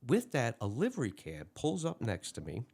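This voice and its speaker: A man's voice: medium pitch, moderate pace, creaky, slightly rough. A man, a retired police lieutenant telling a story in an interview and acting out the dialogue in a raised voice. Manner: animated, acts out dialogue in a raised voice.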